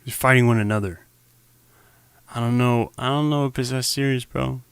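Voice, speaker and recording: A man's voice: mid-range voice, moderate pace, vocal fry, smooth, dry recording. A young man giving loose, slangy reaction commentary on a live stream, talking straight to viewers into a desk mic.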